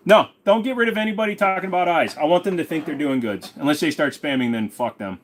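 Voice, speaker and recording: A man's voice: fairly high pitch, fast, hardly any pauses. A male host in a casual livestream chat, laid-back, joking and profane.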